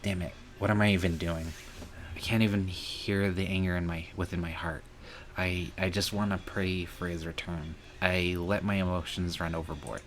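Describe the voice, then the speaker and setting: Deep-voiced man reading a game aloud. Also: level tone, moderate pace, slight background noise. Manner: earnest, emotional reading with some angry outbursts. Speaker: streamer. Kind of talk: reading a visual novel aloud.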